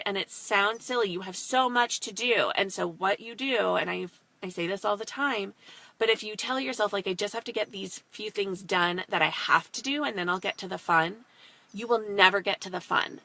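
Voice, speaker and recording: A woman's voice: medium pitch, vocal fry, pushed and bright, dry recording. A woman in her thirties, a mom hosting a casual live stream, chatting in a rambling way with lots of fillers and casual swearing.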